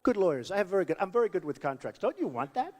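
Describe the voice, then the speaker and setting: A man's voice: sits high, sing-song, rapid-fire, noisy background. A man in his sixties from New York, giving a rambling, boastful campaign rally speech full of repeated asides in a large hall. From New York, United States. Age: 60s. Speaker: political candidate.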